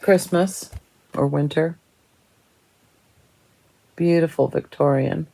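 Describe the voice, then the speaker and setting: A woman's voice: low voice, takes it slowly, gravelly, warm tone, slight background noise, rough recording. A woman casually showing her cross stitch chart books to viewers, chatty and admiring, thinking aloud as she flips pages. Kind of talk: casual show-and-tell of craft books.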